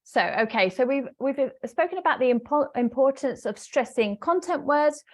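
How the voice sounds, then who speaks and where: A woman business English trainer giving an online webinar, explaining step by step with frequent fillers and pauses. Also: sits high, animated. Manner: hesitant fillers, explanatory, talks to a live audience.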